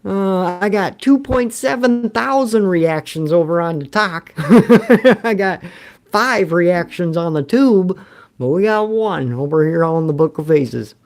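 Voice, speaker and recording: A man's voice: sits high, expressive, takes it slowly, darkish tone. A man, hosting a rambling, joking livestream and reading chat comments aloud. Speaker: livestream host.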